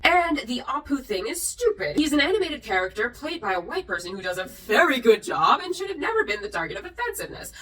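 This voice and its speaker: Tipsy girl reading mean comments, snarky, highish bright voice, a bit far from the mic. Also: big pitch swings, quick pace, hardly any pauses. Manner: sarcastic, reads comments aloud with mocking asides. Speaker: YouTuber reacting to comments. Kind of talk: casual vlog commentary.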